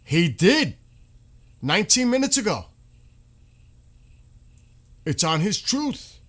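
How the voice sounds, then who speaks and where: A man's voice: high-pitched, very animated, slow, fairly bright tone. A man reacting to news on a live stream, exclaiming in disbelief and swearing now and then.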